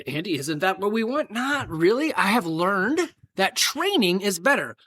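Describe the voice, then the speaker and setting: Here a gym owner in middle age hosts his own casual podcast solo, his voice pitched high and a bit bright. His talk rambles in a homespun, self-deprecating manner with frequent tangents.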